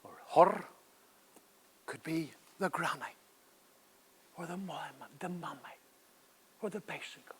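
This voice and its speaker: An older man, telling stories and reciting verse in a playful, lively way. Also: a little high, a little slow, pauses often, a little hiss or hum. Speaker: poet. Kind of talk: theatre dialogue and poem recital.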